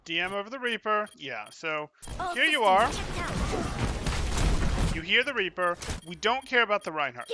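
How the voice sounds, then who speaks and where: A man coaching a player through live gameplay, brisk and emphatic, repeating his key points. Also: sits high, lively intonation, background noise. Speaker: game coach.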